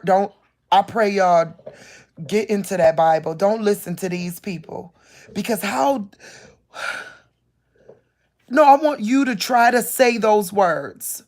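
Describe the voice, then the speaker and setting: Woman vlogger, casual phone rant, slow, rambling, incredulous, many restarts. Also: lowish voice, darkish tone. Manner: rambling, incredulous, repeats herself, restarts often; talks lying down. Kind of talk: casual late-night rant to viewers.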